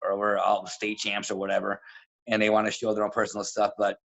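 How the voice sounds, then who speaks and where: A man talking as a wrestling coach in a casual interview, blunt and animated, acting out what people said. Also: fairly low pitch, brisk, creaky. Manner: blunt, animated, acts out quotes. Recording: dull lo-fi audio.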